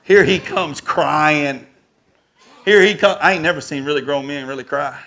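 High gravelly preacher man. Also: moderate pace. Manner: animated, rising to shouts at the peaks. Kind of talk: storytelling sermon.

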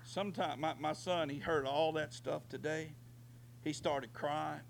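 A middle-aged man preaching a fervent sermon, swinging from quiet stretches to shouting. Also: on the high side, fairly even intonation, measured pace, creaky, slight background noise. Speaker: pastor.

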